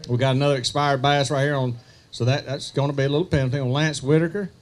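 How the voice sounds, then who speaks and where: A man emceeing an outdoor fishing tournament weigh-in, joking with anglers and calling out weights slowly. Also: medium pitch, steady tone. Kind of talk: live weigh-in announcing with banter.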